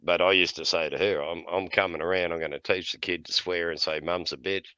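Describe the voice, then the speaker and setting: A man's voice: low-pitched, fairly even intonation, fairly quick, sharp tone, clear, resonant tone, no echo, highs cut off. A middle-aged man telling blunt, profane stories in casual chat, often laughing between lines. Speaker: podcast host.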